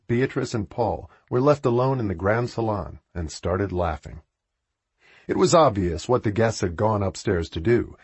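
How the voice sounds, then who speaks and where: A male audiobook narrator with a low, husky voice, reading expressively. His pitch moves in a lively way. The sound is dry and dull, with no room around it. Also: dry recording.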